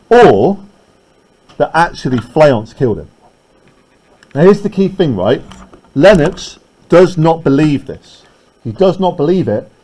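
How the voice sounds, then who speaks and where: Mellow-voiced male teacher explaining a play. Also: a little high, low-quality recording. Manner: explains step by step, checking in with "right?" and "okay?"; reads the verse slowly, then paraphrases quickly. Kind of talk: English literature lesson, reading and explaining a play.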